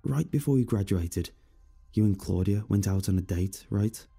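A man voicing a troubled young man, an old friend, who mutters in a low, guarded way. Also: normal speed, gravelly, mellow, slightly rough, faint music behind. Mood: muttering.

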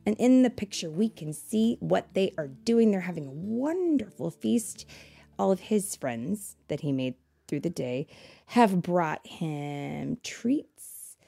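A woman reading a picture book aloud to children, pausing to ask them questions and explain things. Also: fairly low pitch, big pitch swings, gravelly, breathy edge. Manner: asks listeners questions, warm explanatory asides.

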